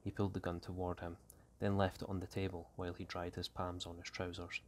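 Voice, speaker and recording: A man, an English teacher, reading a short story aloud in a steady, unhurried way. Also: deep voice, a little hiss or hum.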